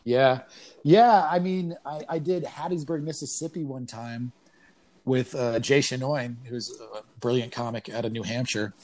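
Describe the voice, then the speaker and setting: A man casually telling stories from comedy tours, full of swearing and laughter, jumping up in pitch when he acts out what people said. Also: unhurried. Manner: profane, animated storytelling with laughs; acts out quoted voices in higher pitch. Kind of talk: casual podcast chat.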